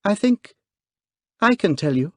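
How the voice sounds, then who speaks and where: A man reading aloud, voicing a courageous young Scottish noblewoman with a clear, quivering voice. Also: sits high, lively intonation, unhurried, darkish tone, no echo, clean studio sound, pitched above the performer's own voice. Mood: earnest, brave.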